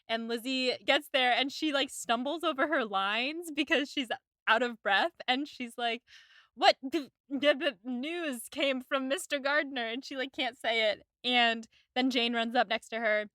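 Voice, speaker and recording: A woman co-hosts a podcast and talks through a drama episode scene by scene. She has a bright, tense voice set a little above the usual, and a close microphone picks it up dry. She is giggly and lively and acts out the characters' lines. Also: fairly high pitch, clean tone, no room sound. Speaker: podcast co-host. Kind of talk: casual chat recapping a TV episode.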